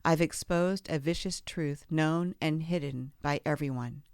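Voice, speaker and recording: A woman podcast host reading a memoir aloud in a measured, expressive way on a close studio mic. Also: low voice, clear, resonant tone, no room sound.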